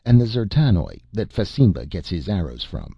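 A man's voice: sits low, wildly swooping pitch, moderate pace, vocal fry, mellow, breathy edge, dry recording, highs cut off, heavily acted. A captive stranger, urgent and questioning, read by a man. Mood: curious. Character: resourceful captive man, a stranger among slaves.

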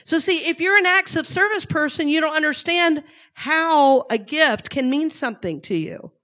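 A middle-aged woman speaking to a live audience keeps a relaxed, conversational tone at normal speed and repeatedly asks them questions. Her voice is a little high, and her speech includes natural fillers and restarts.

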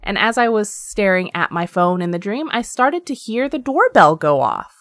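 A woman's voice: mid-range voice, moderate pace, no echo. A woman co-hosting a podcast, reading listener stories aloud. Her voice swoops up and down with plenty of life, and she breaks off for chatty asides. The sound is close and dry. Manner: lively, laughs often, chatty asides while reading. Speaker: podcast co-host.

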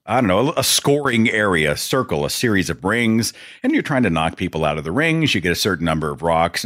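A man's voice: sits low, a bit bright, no room sound, clean studio sound. A man hosting a podcast alone, talking in a casual, rambling way with chatty asides. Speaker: podcast host. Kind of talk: casual solo monologue.

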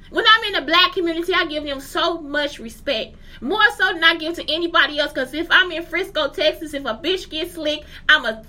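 Her voice is extremely high, pushed and bright, as a woman in her forties who teaches unleashes a heated, profane rant at the camera. Again and again she asks her viewers if they get it.

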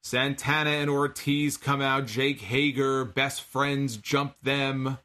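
A man with a bright, forward voice talks casually and wryly as a podcast host. He recaps wrestling at an easy conversational pace, now and then reading out listener donations. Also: mid-range voice, level tone, takes it slowly. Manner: wry, chatty, reads out listener donation messages. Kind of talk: casual solo show recap.

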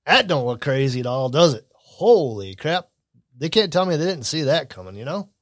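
A man's voice: on the high side, lively intonation, fast talker, fairly bright tone, no echo, clean studio sound. Blunt, opinionated man. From Michigan. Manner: blunt, opinionated, rambling with restarts. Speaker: commentary show host. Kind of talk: casual news and political commentary.

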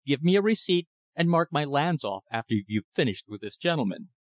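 A man's voice: on the high side, sing-song, dry recording. A man doing a pompous, blustering lumberman. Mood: agitated. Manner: deliberate, commanding, snappish.

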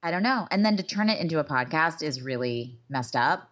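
A woman co-host on a podcast, confessional and outspoken, who swears casually. Her pitch swings widely as she talks. The recording sounds dull and lo-fi. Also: lively intonation, a little fast, a bit bright. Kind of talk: casual gossip chat.

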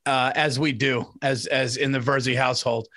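A man's voice: medium pitch, level tone, normal speed, a bit bright. A man co-hosting a casual chat, telling a family story in a rambling, repetitive way. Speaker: podcast co-host.

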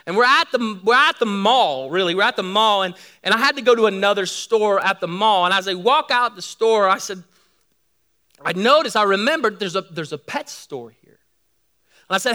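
A middle-aged man preaching a sermon, telling lively stories to his congregation. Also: sits high, normal speed. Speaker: pastor.

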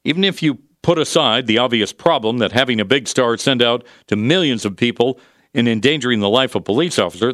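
A male talk radio host giving conversational commentary, pausing often on fillers. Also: mid-range voice, a bit bright, no room sound, studio quality. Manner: conversational, with frequent filler pauses.

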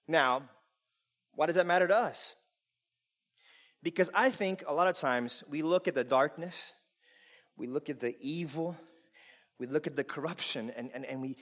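A man preaching a sermon to a congregation, animated and playful, with loud bursts of laughter. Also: fairly high pitch, a little slow, pauses often. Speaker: pastor.

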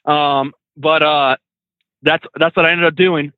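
A man's voice: fairly high pitch, measured pace, no room sound. A man, a truck driver and trainer, telling road stories casually with lots of laughs and restarts. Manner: animated anecdotes with frequent laughs and restarts. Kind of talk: casual storytelling interview. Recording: dry tinny phone-like line.

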